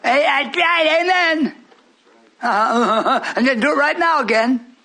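Old preacher man in his 80s, super high sharp voice, scolds and shouts at the crowd. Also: animated, slow pace. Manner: scolding, rambling, shouting at the congregation. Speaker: pastor. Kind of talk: sermon.

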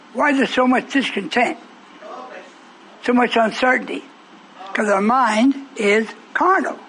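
A man's voice: very high-pitched, a bit bright. A man preaching a sermon, confronting and questioning his congregation.

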